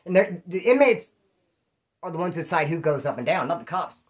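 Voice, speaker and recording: Answering viewer questions, this Californian man who used to be in prison tells slangy, profane stories and performs the quoted speech of the people in them. His voice runs on the high side, with a sing-song lilt and a brisk pace.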